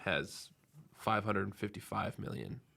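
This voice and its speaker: Relaxed man reading out numbers. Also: fairly low pitch, slow pace, vocal fry. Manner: reads out figures, relaxed and chatty. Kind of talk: casual chat.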